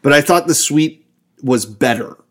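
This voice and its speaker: A man chatting on a relaxed podcast in a mid-range voice of ordinary pitch. He jokes with his co-host and laughs easily. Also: moderate pace. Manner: joking, laughs often. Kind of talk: casual chat.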